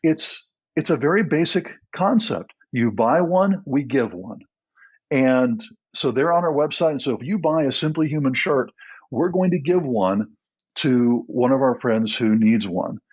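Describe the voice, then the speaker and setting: Earnest husky-voiced man telling a story. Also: medium pitch, animated, a little slow, lo-fi sound. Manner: earnest, with frequent restarts and soft laughs. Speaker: guest, nonprofit co-founder. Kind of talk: storytelling in a podcast interview.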